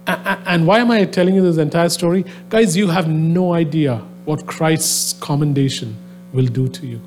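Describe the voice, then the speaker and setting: A man's voice: a little high, moderate pace, darkish tone, faint music behind. A man preaching a sermon, telling a story conversationally with many fillers, then building into a fervent exhortation to his listeners. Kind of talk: sermon to a live audience. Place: venue with a soundboard.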